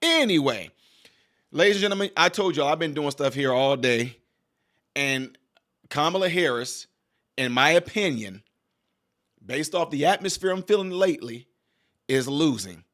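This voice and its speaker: A man's voice: a little high, lively intonation, moderate pace, pauses often, fairly bright tone. A man hosting a political commentary vlog, talking casually and with energy straight to his viewers. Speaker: channel host.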